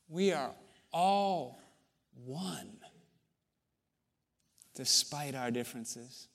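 A man preaching a sermon in a church, measured, with long pauses, building to emphatic stretches. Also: fairly high pitch, fairly bright tone. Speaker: pastor. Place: church sanctuary.

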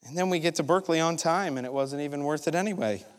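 A middle-aged man preaching a sermon, animated and storytelling, acting out his own thoughts. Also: a little high, quick pace. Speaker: pastor. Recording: large hall reverb.

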